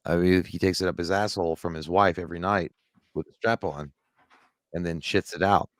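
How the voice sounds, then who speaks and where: Low-voiced man rambling through live chat. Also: fairly even intonation, a little fast, no room sound. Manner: loose, profane, rambling answers to chat. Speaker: live show co-host reading chat. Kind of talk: casual live-stream chat.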